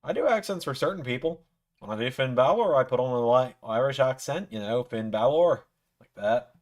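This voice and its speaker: A man's voice: medium pitch, fairly quick. Man, live-stream reaction chat, mid-range voice, offhand swearing, mumbled asides.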